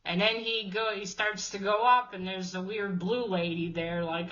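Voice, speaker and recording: A woman's voice: mid-range voice, steady tone, normal speed, hardly any pauses, a bit bright, highs cut off. A woman casually recapping a comic issue in a rambling way, swearing freely and restarting her sentences often. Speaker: comic review host.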